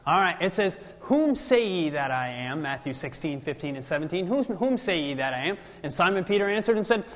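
A man reading scripture slowly and deliberately, then explaining it in a bible study. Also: fairly high pitch, big pitch swings, in a large hall.

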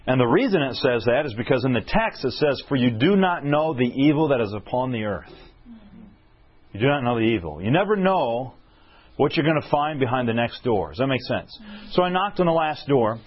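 A man preaching a storytelling sermon, animated and often checking in with his listeners with questions. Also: medium pitch, fairly quick, breathy edge, lo-fi sound.

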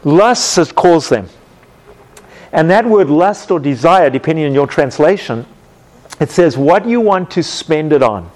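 A man teaching a Bible class, telling everyday stories with lively acted-out moments and questions to his students. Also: fairly high pitch, measured pace. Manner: animated storytelling, acts out scenes with sound effects.

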